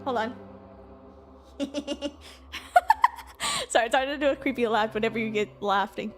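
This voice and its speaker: A woman's voice: on the high side, racing. A woman streamer reacting to a game, emotional and swearing, laughing often. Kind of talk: gameplay reaction commentary. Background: game music.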